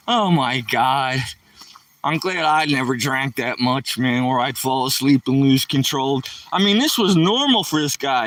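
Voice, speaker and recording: A man's voice: mid-range voice, fairly bright tone, no echo, recorded from a distance. A man from the Philadelphia area telling rambling stories from his past in loose, casual chat, often tossing in "man" and "you know".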